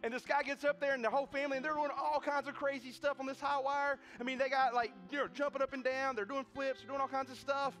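A man preaching with a notably high, ringing voice, piling on repeated words and quick restarts as he tells his stories. He slips into other people's voices as he goes. Soft guitar plays faintly behind him. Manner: animated, repetitive restarts, acts out quoted voices. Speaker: pastor. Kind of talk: sermon with storytelling. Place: church sanctuary.

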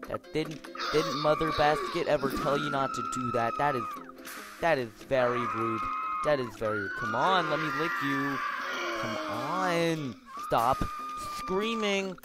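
A man's voice: on the high side, a little slow. A young man doing goofy, rambling gameplay commentary, scolding game characters in mock-stern tones. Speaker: gameplay video host. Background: game music.

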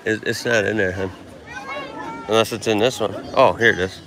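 A man's voice: lowish voice, fairly even intonation, normal speed, a crowd in the background, background noise. A man with a Chicago accent chatting easily and laughing often while live-streaming from an outdoor wildlife park on a handheld camera. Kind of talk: casual live-stream chat.

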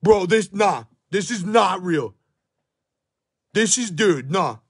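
A young man with a hoarse, worn-out voice, frantically narrating a card pack opening at home, swearing and shouting in disbelief while filming on his phone. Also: sits high, expressive, takes it slowly. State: hoarse, voice shot. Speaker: sports card pack breaker. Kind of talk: hyped live pack-opening commentary. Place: at home by a table.

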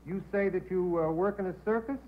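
A man's voice: sits high, fairly quick. Wisecracking male quiz show host. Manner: wisecracking, chatty. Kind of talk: joking banter with contestants. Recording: tinny old broadcast audio, faint hiss.

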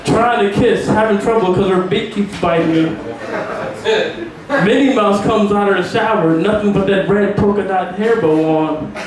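A high-pitched man does crude open mic stand-up in a pub, chuckling at his own lines. He is picked up from far off in a very echoey room, with the crowd clearly heard around him. It sounds like a rough live bar recording. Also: normal speed. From Virginia, US. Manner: brash, profane, laughs at his own jokes. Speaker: stand-up comedian.

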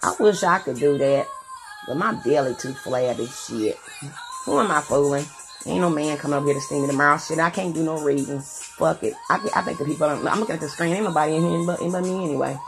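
A woman's voice: low-pitched, a little fast. Crude, rambling woman vlogger. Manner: crude, rambling, joking, singing along to music. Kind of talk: casual live-stream chat.

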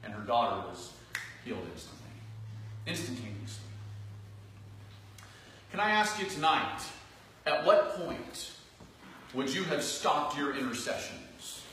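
A man preaching from the pulpit, his earnest voice swelling into emphatic peaks and sinking to quiet asides. He sits at a middling pitch, picked up from a distance so the sound reaches the mic a little late. The sanctuary rings with heavy reverb under a faint hiss. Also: sing-song, a little slow, pauses often. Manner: earnest, swinging between raised emphatic phrases and soft low asides. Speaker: pastor. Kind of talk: sermon. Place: church sanctuary. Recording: distant, very echoey church hall recording with faint noise.

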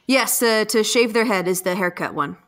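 A woman hosting a casual podcast quiz, reading out the questions and multiple-choice options in a slow, playful way. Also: medium pitch, a bit bright. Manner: playful, reads options slowly.

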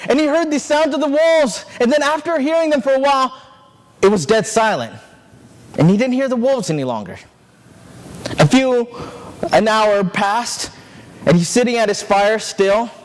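High-voiced man preaching a sermon. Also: expressive, normal speed. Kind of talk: sermon storytelling. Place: church sanctuary.

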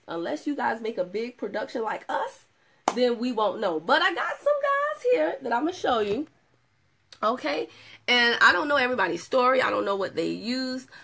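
Young woman, casual vlog host, lively and chatty, slightly high voice with some vocal fry. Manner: animated, chatty, with playful asides and laughter. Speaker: product distributor showing client results. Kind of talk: casual video chat.

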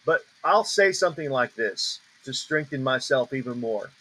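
A man teaching on a ministry call in a preaching style, emphatic and repeating declarations slowly with heavy stress on each word. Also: mid-range voice, animated, pushed and bright, rough recording.

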